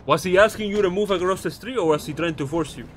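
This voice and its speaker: A man plays a police officer in a game roleplay, firing off quick, pushy questions. His voice sits high and moves fast. A faint hiss runs behind him. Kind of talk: GTA roleplay as a cop.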